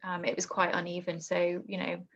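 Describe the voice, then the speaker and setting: A young woman telling a painful personal story in conversation, halting and emotional with many restarts. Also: fairly low pitch, monotone, fairly bright tone. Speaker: guest. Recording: dull lo-fi podcast audio.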